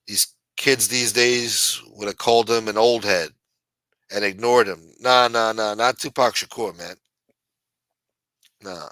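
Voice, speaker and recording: Blunt, profane man ranting, forceful tone. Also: on the low side, measured pace, long pauses, no room sound, poor audio. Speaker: late-night show host. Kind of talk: casual talk-show rant.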